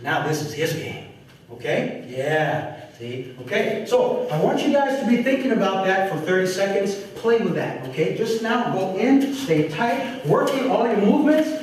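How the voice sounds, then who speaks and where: A martial arts instructor leads a seminar, talking while he demonstrates moves. His voice sits a bit high and comes from a distance. The big training hall echoes heavily around him. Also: sing-song, moderate pace, a little hiss or hum. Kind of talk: teaching a seminar class. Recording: echoey hall recorded from far off.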